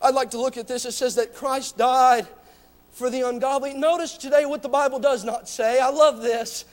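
A man preaching a fervent sermon to a church, often shouting and repeating rhetorical questions to his congregation. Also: very high-pitched, fairly even intonation, normal speed.

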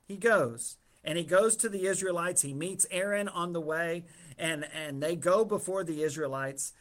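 A man teaching a Bible lesson in a relaxed, storytelling way, his voice sitting slightly high for a man. He drops in wry asides and speaks conversationally rather than preaching. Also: normal speed.

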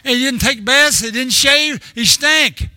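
A man's voice: very high voice, unhurried, pushed and bright, dry recording. An older man preaching a sermon in a rambling, storytelling way, often restarting his sentences.

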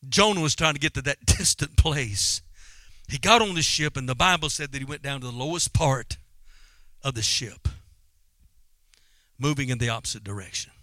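A man's voice: medium pitch, moderate pace, bright, forceful tone, dry recording. A man preaching a sermon in a fervent, dramatic style. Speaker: pastor.

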